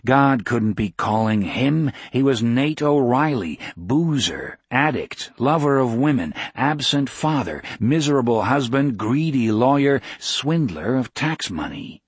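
Slow, husky male audiobook narrator. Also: medium pitch, sing-song, no room sound. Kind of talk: scripted narration.

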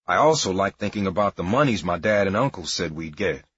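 A man's voice: deep voice, animated, a little fast, a bit bright, husky, no echo. A man narrating a memoir in a wry, matter-of-fact storytelling manner. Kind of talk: memoir audiobook reading. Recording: dry, dull lo-fi recording.

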